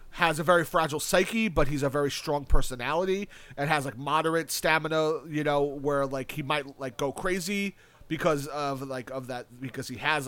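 A man's voice: fairly high pitch, fairly bright tone, smooth, dry recording. A young man in casual chat, rambling enthusiastically with lots of fillers, restarts and casual swearing. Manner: enthusiastic about a video game.

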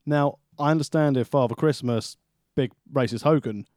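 A man's voice: mid-range voice, normal speed, darkish tone, dry recording. A man, co-hosting a podcast, making dry, mocking wisecracks in casual chat. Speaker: podcast co-host. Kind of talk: casual movie recap chat.

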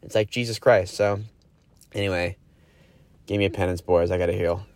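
A man's voice: low-pitched, fairly even intonation, moderate pace, a little hiss or hum. Grumpy, profane young man surfer. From Los Angeles. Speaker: caller confessing a surf story. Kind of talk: casual storytelling.

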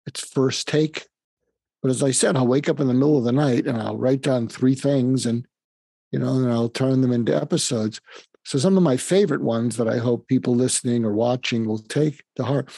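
Older male interview guest with a husky, gravelly voice. He speaks calmly and hesitantly, and the sound is dry. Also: mid-range voice, dry recording. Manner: calm, halting, with frequent pauses and fillers. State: facing terminal illness. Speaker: guest, psychiatrist and author. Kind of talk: emotional conversational interview.

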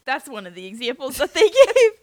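A woman co-hosting a casual chat podcast, chatty and quick to laugh. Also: high voice, wildly swooping pitch, a little mellow. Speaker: podcast co-host.

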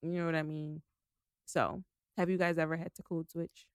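A woman's voice: low voice, flat delivery, normal speed, smooth, no room sound, clean studio sound. A young woman co-hosting a podcast in casual chat, blunt and profane, talking with animation and lots of fillers. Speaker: podcast co-host.

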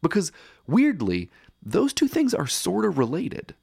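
A man's voice: sits high, wildly swooping pitch, unhurried, gravelly, a little mellow, husky, no echo, clean studio sound. A man hosting a podcast, reading wry, playful scripted narration. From United States. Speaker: podcast host.

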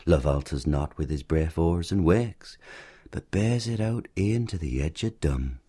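A very deep, husky male sonnet voice, as a man recites it in Elizabethan original pronunciation. The tone is dark and mellow, the delivery slow and measured, like a verse recitation. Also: lively intonation, exaggerated voice. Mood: solemn.

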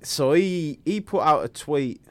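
A young man, co-hosting a podcast and ranting in a lively way, full of rhetorical questions. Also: fairly high pitch, measured pace, dry recording. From England. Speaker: podcast co-host. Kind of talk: casual chat.

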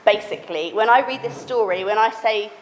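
A woman leading a children's session, teaching hand signs and reading a story to the kids in an animated, teacherly way. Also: medium pitch, fairly quick. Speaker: children's ministry leader. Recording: echoey hall with faint background noise.

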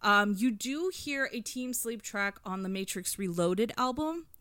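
A woman's voice: mid-range voice, lively intonation, measured pace, fairly bright tone, no echo, studio quality. A woman in her thirties casually chatting on a podcast about music, rambling with lots of fillers and eager storytelling. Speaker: podcast co-host reviewing an album.

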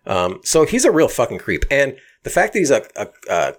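A man co-hosting a casual chat, retelling a story in a profane, animated way with lots of restarts. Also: medium pitch, fairly quick.

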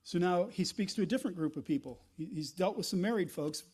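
A man delivering a sermon with a fairly high voice. He preaches conversationally, stumbling and restarting phrases, and slips into short acted-out asides as he explains his point. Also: expressive, fast, darkish tone, slightly rough. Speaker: pastor.

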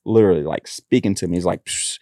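A man talking as a guest in a relaxed interview, his voice sitting in an ordinary middle pitch. He rambles through his stories, restarting sentences as he goes. The sound is dry and close, with no room around it. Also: moderate pace, no room sound. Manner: rambling storytelling with many restarts. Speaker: author and actor, guest. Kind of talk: casual conversational interview.

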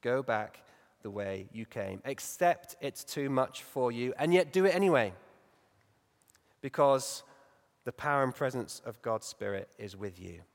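A male preacher voicing God in a quiet, grave, searching tone, lower and softer than his own speaking voice. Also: big pitch swings, unhurried. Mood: gentle, searching. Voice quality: hushed, soft and searching. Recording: long reverb in a large hall.

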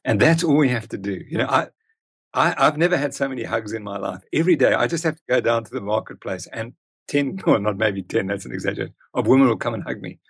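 A man's voice: medium pitch, fast talker, vocal fry, a bit bright, breathy edge. An older man, a guest expert telling stories emphatically in a conversational interview. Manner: emphatic, storytelling.

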